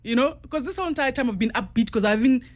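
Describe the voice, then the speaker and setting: A woman's voice: a little high, lively intonation, very fast. A South African woman, a guest, vividly recounting a personal story and acting out what others said, in a studio. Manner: vivid, repeats quoted speech. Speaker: guest, para-athlete and journalist.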